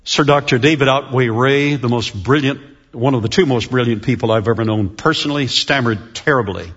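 A man preaching a sermon and telling stories, with a lively, animated delivery that slows down to stress key words. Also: mid-range voice, slightly rough. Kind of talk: sermon storytelling. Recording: dull lo-fi recording.

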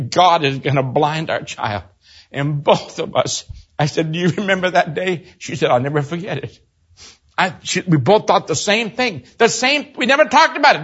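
An older man preaching a sermon, telling a personal story and swinging from loud exclaims to hushed low storytelling. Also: husky, muffled recording.

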